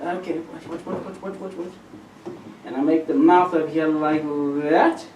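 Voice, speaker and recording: A man performing a comedy magic act on a theatre stage, teasing and bantering with the audience in a playful, excitable way. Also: on the high side, moderate pace, muffled recording, a little hiss or hum. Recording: roomy echo from far off.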